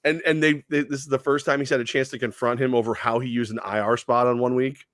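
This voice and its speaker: Animated man on sports radio. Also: mid-range voice, fast, no room sound, clean studio sound. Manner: animated, laughing, repeats himself. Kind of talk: casual sports talk.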